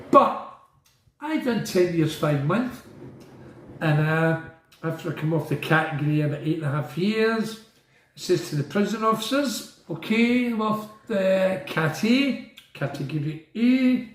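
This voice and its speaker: A man's voice: fairly high pitch, lively intonation, unhurried, fairly bright tone, roomy sound, slight background noise, poor audio. A man telling stories about his time as a prisoner in a rambling monologue. He is blunt, swears, strays off track and asks and answers his own questions.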